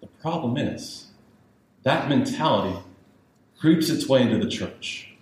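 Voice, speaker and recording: A man's voice: medium pitch, lively intonation, unhurried. A male pastor preaching a sermon with emphatic repetition, building to raised urgency. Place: church sanctuary. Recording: very echoey church with faint hiss.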